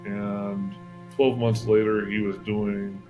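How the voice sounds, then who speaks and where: A man with a fairly low voice talks in a relaxed, storytelling way, often restarting his sentences. He is a guest entrepreneur answering interview questions, with faint music playing behind him. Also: slow, narrow, tinny audio. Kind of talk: casual interview talk.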